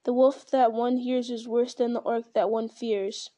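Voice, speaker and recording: Woman voicing a stern male warrior, proud, wary, firm, fairly high voice. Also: flat delivery, measured pace, dark tone, natural voice.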